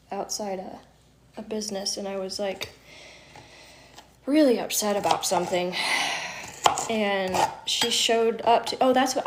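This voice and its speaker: A woman's voice: mid-range voice, heavy background noise. A woman chatting casually on a live stream while she cooks, laughing often and swearing now and then. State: teary from onions. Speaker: livestream host. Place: home kitchen.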